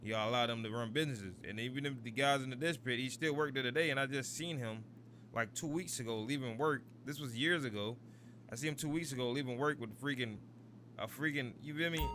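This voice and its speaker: A man's voice: mid-range voice, fairly quick, bright, forceful tone, slight background noise. A man in his thirties telling a long, rambling story while streaming a game, constantly asking "you feel me". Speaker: gaming streamer. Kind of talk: casual storytelling over gameplay.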